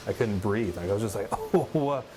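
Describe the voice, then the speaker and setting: A man with a lowish voice, interviewed for a documentary and talking casually about a former workmate. He tells his story with animated energy and a bit of faint room hum behind him. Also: fast talker.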